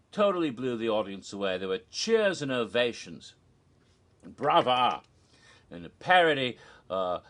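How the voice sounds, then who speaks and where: A man casually recounting a theme-park show in an animated, gossipy way with giggles. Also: on the low side. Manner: animated, gossipy, giggles at his own jokes. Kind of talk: casual recap narration.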